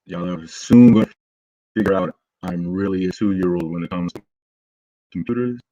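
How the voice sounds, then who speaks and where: A man with a low-pitched voice hosts a casual livestream, hyped and friendly as he calls out to his chat. His delivery is loose and rambling, with a slightly rough morning voice. The recording is close and dry, with no room sound. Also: moderate pace, dark tone, no echo. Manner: laid-back, loose and rambling. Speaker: crypto livestream host.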